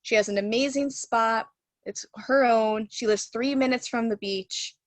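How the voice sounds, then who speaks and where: A woman's voice: on the high side, measured pace, no echo. A woman Reiki teacher telling a story in a casual, chatty way over a video call from her home, full of fillers. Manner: chatty, lots of "like" and "you know" fillers.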